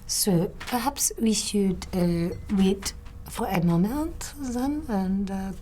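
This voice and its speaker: A woman's voice: mid-range voice, animated, slow pace, warm tone, a little hiss or hum. A woman playing her character in a tabletop game, charming and playful, slipping into whispers. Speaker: player. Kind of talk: in-character tabletop role-play.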